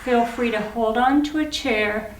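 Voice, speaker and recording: A woman's voice: fairly high pitch, a little slow, slight background noise. A woman leading an exercise class for older adults, counting reps and cheering people on, a little out of breath. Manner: encouraging, counts reps aloud, cheers on the last reps. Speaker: fitness instructor. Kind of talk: guided exercise class instruction. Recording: echoey room, mic at a distance.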